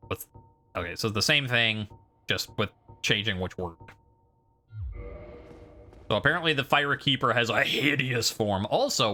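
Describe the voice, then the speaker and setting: A man's voice: medium pitch, bright, forceful tone. A man streaming a video game, giving casual, rambling commentary and poking fun at himself. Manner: rambling, self-deprecating.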